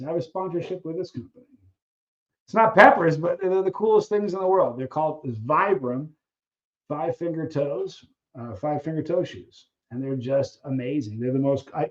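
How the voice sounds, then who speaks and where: Animated man hosting a lo-fi live stream. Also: a little high. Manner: animated storyteller who acts out scenes, halting restarts. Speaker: livestream host answering viewer questions. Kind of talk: casual live Q&A chat.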